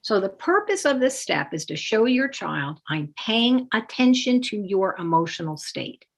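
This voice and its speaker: Calm instructional woman, lively emphasis. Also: medium pitch, a little slow. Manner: calm, explanatory, acts out sample phrases with lively emphasis. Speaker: parenting educator. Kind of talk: instructional talk with demonstrations.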